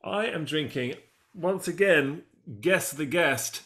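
A man's voice: a little high, slow pace, a bit bright. A man co-hosting a casual show, chatting and rambling with fillers. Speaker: podcast co-host. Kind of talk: casual chat.

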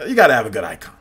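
A man streaming gameplay live, talking to his chat in an animated, repetitive way. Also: mid-range voice, slightly rough. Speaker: gaming livestreamer.

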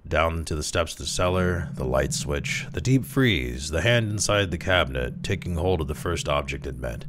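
Very deep-voiced male storyteller. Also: noisy background. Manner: expressive, slows down for tense moments. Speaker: story reader. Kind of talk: dramatic story narration.

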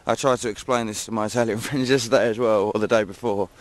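A man's voice: lowish voice, fairly even intonation, fast. An English man chatting casually and jokingly to the camera while walking outdoors among dunes and woods, mocking himself as he goes. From England. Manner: chatty, self-mocking, jokey. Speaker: vlogger. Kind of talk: casual walking vlog narration. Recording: noisy outdoor camera recording.

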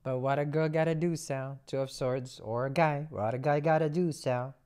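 A woman's voice: extremely low pitch, steady tone, moderate pace, darkish tone, smooth. A woman voicing an anxious querent torn between work and love, pleading and a little whiny.

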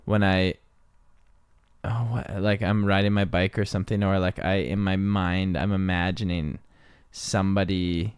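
A man co-hosting a casual podcast, telling rambling stories with halting restarts and acting out what people said. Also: deep voice, little pitch movement, smooth, dry recording, studio quality. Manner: rambling storyteller, halting restarts, acts out quotes. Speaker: podcast co-host. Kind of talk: casual chat.

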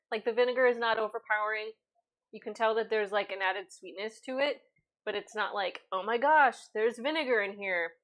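A woman's voice: a little high, fairly bright tone. Chatty woman hosting a cooking stream. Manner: chatty, reads viewer comments aloud. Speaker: cooking livestream host. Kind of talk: casual livestream cooking chat. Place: home kitchen. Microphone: lavalier.

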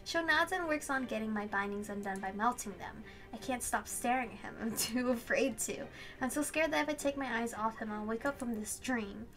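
A woman reading a visual novel aloud and reacting in an excitable, gushing way, swearing and laughing at the story. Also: a little high, a little fast. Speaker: let's play host.

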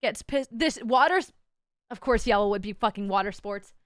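A bubbly woman live-streamer with a high, smooth voice, chatting close to the mic in a dry, dead room. She jumps between thanking viewers and crude, teasing banter, and she laughs easily. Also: animated, normal speed, no echo. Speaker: VTuber streamer. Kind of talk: casual live-stream chat.

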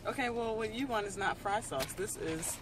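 A woman's voice: mid-range voice, moderate pace. A woman vlogging casually with her daughter over a meal, chatty and teasing. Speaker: vlogger mother. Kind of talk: casual chat. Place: restaurant. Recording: noisy restaurant, distant phone mic.

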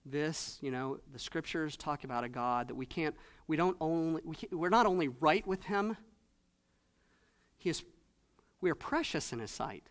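A male pastor preaching a sermon in church, moving between soft, low asides and loud, rising exhortation with repeated emphatic phrases. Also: moderate pace. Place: church sanctuary.

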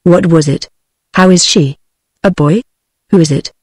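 Brief: synthetic British woman playing a frantic gentleman father, flat even delivery, dry sound. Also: fairly low pitch, unhurried, slightly rough, no echo. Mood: anxious. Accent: British English. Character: nervous anxious gentleman, new father. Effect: text-to-speech voice.

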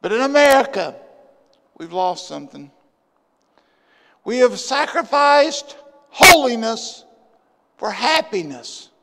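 A man, a pastor preaching a sermon with passion, swinging from loud bursts to hushed asides, in a church sanctuary. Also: very high-pitched, sing-song, slow pace, gravelly, pauses often, slight background noise. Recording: long church hall reverb.

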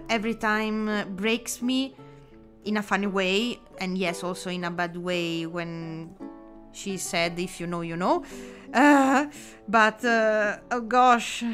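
A woman with an Italian accent chatting casually on a live drawing stream, excitable, with many fillers and restarts. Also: medium pitch.

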